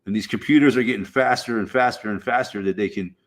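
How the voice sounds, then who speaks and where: Rambling, foul-mouthed man with a low voice. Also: fast. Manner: rambling, profane, frequent fillers. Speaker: streamer. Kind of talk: casual chat.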